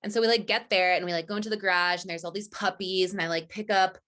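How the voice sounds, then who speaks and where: A woman's voice: on the low side, fairly even intonation, fast, fairly bright tone. A woman guest on a casual podcast, a chatty storyteller who fills her talk with "like" and acts out quoted lines.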